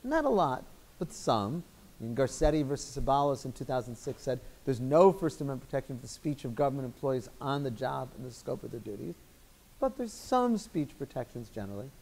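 A man with a Chicago accent, a guest lecturer giving measured, articulate legal answers in a law school lecture room. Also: mid-range voice, sing-song, darkish tone. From Chicago, United States.

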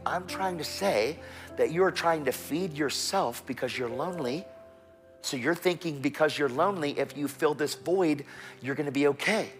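Preacher with a Texan accent, faint music. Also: male voice, fairly high pitch, moderate pace. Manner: animated storytelling with quoted voices. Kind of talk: sermon. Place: church sanctuary.

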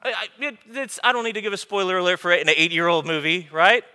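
A male pastor preaching an informal, animated sermon in a church, with joking asides to the congregation. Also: high-pitched, quick pace, smooth. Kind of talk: conversational sermon. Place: church sanctuary. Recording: long hall reverb from a church room.

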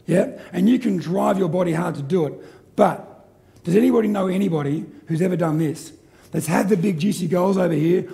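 A middle-aged man giving a live seminar talk, energetic and joking as he quizzes the audience. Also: high voice, creaky. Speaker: seminar presenter.

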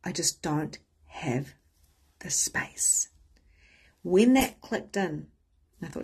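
A woman's voice: fairly low pitch, expressive, slow, pauses often, darkish tone, slightly rough, in a whisper. A woman giving a candid, casual motivational talk as a spiritual coach, swearing freely and acting out the voices of people she quotes.

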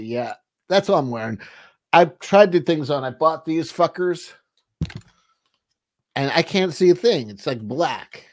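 A man's voice: a little high, lively intonation, measured pace, pauses often. A man hosting a casual livestream, talking in a rambling, profane way with many restarts, and reading out viewer chat. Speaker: livestream host.

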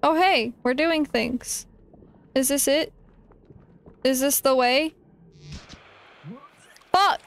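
A woman's voice: high voice, very slow, pauses often. A woman streaming a game live, reacting playfully and swearing often. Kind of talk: live gameplay commentary.

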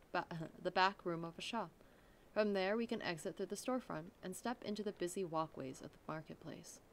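A woman's voice: mid-range voice, a little hiss or hum. A young woman reads a visual novel's text aloud in an easy, casual way. She often stops to laugh and add her own comments on the story. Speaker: let's play narrator.

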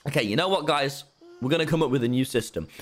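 A man's voice: mid-range voice, fast. A young British man streaming a video game, joking and rambling to his chat. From Britain. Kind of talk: casual gaming livestream.

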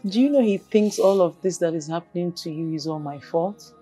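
An actress with a Nigerian accent playing a mother who gently coaxes her crying daughter. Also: fairly low pitch, slightly rough, soft background music. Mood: soothing. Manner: gentle, coaxing, unhurried. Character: soothing mother, middle-aged woman.

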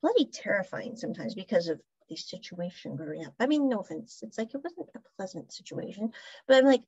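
A woman's voice: mid-range voice, lively intonation, fairly quick, a little mellow, slightly rough, dry recording, highs cut off. A woman hosting a podcast, casually recapping a drama in a chatty storytelling way with asides. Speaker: podcast host reviewing a drama series. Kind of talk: casual review monologue.

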